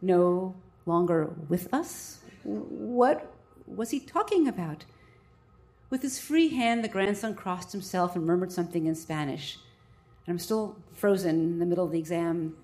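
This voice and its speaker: A woman's voice: on the low side, normal speed, darkish tone. A woman doctor telling a vivid, self-mocking first-person story to a live audience.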